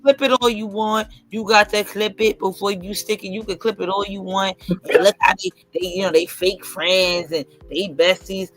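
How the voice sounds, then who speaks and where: A woman's voice: medium pitch, normal speed, soft background music. A woman hosting a livestream in casual chat, speaking, emphatic and profane, telling stories with lots of energy. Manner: emphatic, profane, animated storytelling. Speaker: livestream host.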